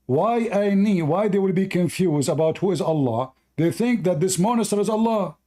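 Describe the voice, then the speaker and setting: A man's voice: sits high, lively intonation, moderate pace, dark tone. A man hosting a heated live debate, arguing hard, interrupting and repeating himself, and losing his voice. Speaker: host.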